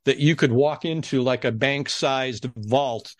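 A man appears as a podcast guest, telling a story casually and with animation, acting out the people he quotes. His pitch is medium and his pace measured, with no room sound in the recording.

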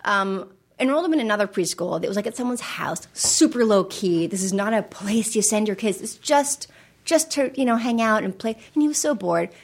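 A middle-aged woman telling stories in casual conversation, animated, often acting out the voices of people in her anecdotes. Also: medium pitch, brisk, creaky. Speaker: guest.

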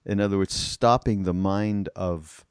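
A man hosting a podcast interview, talking in a halting way with many restarts. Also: low voice, fairly even intonation, smooth, no echo, studio quality. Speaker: podcast host. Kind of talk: interview conversation.

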